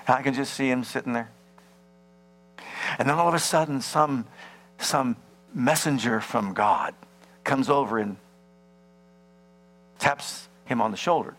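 A man preaching a sermon, animated, acting out little scenes and firing rhetorical questions at the congregation. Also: medium pitch, measured pace, pauses often, faint music behind. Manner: dramatizes scenes and acts out voices. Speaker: pastor.

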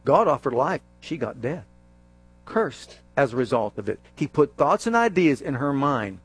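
A male preacher giving a sermon, animated and jokey, acting out scenes as he goes. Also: mid-range voice, moderate pace, husky.

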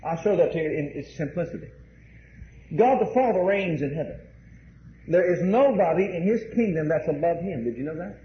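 A man's voice: a little high, expressive, moderate pace. A male pastor preaching a sermon, emphatic, repeating key phrases and addressing the congregation directly. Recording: roomy, dull, faint hiss.

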